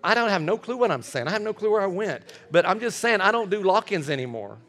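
High-voiced animated preacher man. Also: fast talker. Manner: animated, stammering repeats, laughs often. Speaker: pastor. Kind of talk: sermon.

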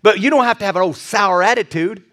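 Male pastor, high voice, animated storytelling sermon, sometimes hushed and tender. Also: fast. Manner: drops to a soft hushed voice for tender moments.

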